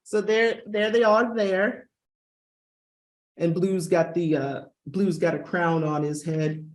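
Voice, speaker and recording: A woman's voice: fairly low pitch, fairly even intonation, slow. Woman, librarian, chatty webinar booktalk, enthusiastic, video call sound.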